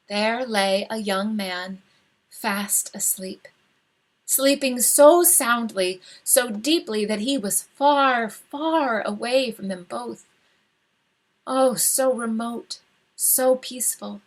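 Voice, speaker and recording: A woman reads a short story aloud at a slow, lingering pace, her voice hushed and tender. Her voice sits a little high, and she reads live over a video call. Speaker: reader. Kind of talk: literary reading.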